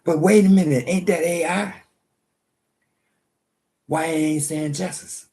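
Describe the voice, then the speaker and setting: Gravelly, husky man talking slowly. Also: on the high side, steady tone, warm tone. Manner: skeptical, rhetorical questioning, talks back to the device. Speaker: video host. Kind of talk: casual commentary while quizzing a phone app.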